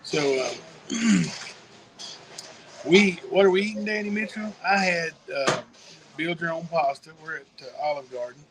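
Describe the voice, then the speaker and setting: A joking man with a slightly high voice chats casually with his wife during a date night stream. Loud restaurant noise hums behind him, and he laughs easily between remarks. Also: measured pace, pauses often. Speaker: vlogger on a date night livestream. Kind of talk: casual chat. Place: restaurant, then picking up takeout.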